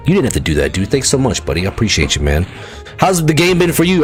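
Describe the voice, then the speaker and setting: A man streaming an online game live, reacting loudly, swearing freely and chatting with his viewers. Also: medium pitch, fast, faint music behind. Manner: excitable, swears, talks to chat viewers. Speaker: livestreaming gamer. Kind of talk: casual live gameplay commentary.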